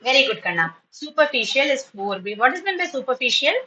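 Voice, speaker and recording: A woman's voice: high voice, very animated, brisk, pushed and bright, muffled recording, a little hiss or hum. A woman teacher, running a spoken class patiently and praising students often, sometimes switching into to explain. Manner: switches into Tamil when explaining. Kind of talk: online spoken English class.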